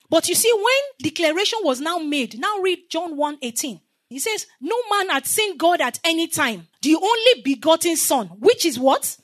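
High-voiced woman preaching a sermon. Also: animated, moderate pace, a bit bright. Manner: call-and-response, leaves verses for listeners to finish; repetitive, emphatic teaching.

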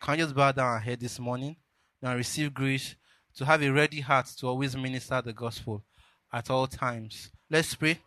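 A man's voice: mid-range voice, steady tone, moderate pace, fairly bright tone, no echo. A man closing a sermon, exhorting the congregation and calling them to prayer. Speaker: pastor. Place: church.

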